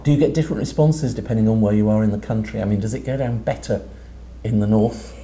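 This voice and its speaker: Gravelly chat show host with a Lancashire accent. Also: male voice, on the low side, fast talker, warm tone, a little hiss or hum. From Lancashire, England. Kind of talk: casual interview chat.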